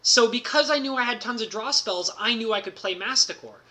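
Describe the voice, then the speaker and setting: A man streamer telling a casual, excitable story about a card game, packed with "like" fillers and bursts of laughter. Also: very high-pitched, a little fast.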